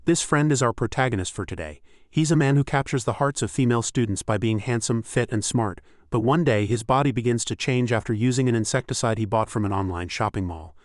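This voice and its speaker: A man's voice: medium pitch, a little fast, a little mellow, dry recording, clean studio sound. A man narrating a scripted story recap, telling it steadily and speaking straight to the viewer.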